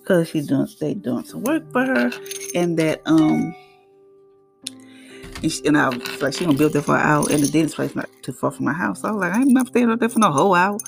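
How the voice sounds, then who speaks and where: A middle-aged woman hosting her own podcast, giving an emphatic, faith-based motivational talk with animated, preachy delivery. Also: deep voice, a little fast, gravelly, faint music behind. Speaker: podcast host.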